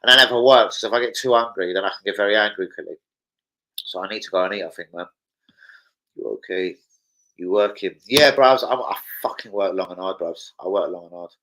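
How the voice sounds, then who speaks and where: A man's voice: sits low, brisk, a bit bright, rough recording. A man hosting a football fan channel, hyper and slangy, swearing freely through casual chat and a transfer news roundup.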